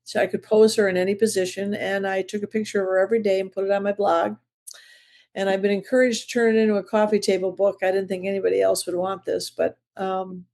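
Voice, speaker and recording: Gravelly older lady in her 70s, from chicago, rambling funny stories in a chat. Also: mid-range voice, warm tone. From Chicago area. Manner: chatty, rambling, self-deprecating storyteller. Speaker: comedian guest. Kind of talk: casual interview chat.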